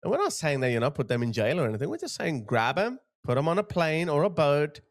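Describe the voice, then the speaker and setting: A man's voice: fairly high pitch, sing-song, fast talker. A man hosting a commentary channel, talking bluntly and emphatically to his viewers as he reacts to video clips.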